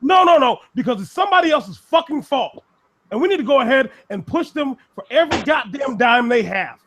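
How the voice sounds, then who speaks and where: A man with a notably high voice rants in blunt, profane bursts. He is co-hosting a loose, casual discussion. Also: expressive, brisk, background noise. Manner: blunt, ranting, heavy swearing. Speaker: podcast co-host.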